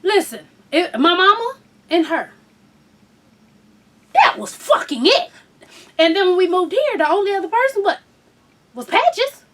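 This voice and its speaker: A woman hosts a candid chat in a high, wildly swinging voice. She talks bluntly and with profanity, jumping from loud outbursts to hushed asides. She sits a little back from the mic. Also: big pitch swings, a little slow, long pauses, distant mic. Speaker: host.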